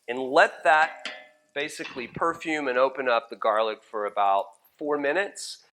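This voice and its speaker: A man's voice: medium pitch, normal speed, sharp tone. Chatty man walking through a recipe. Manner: chatty, keeps addressing viewers as guys. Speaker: guest cook. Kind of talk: cooking demonstration.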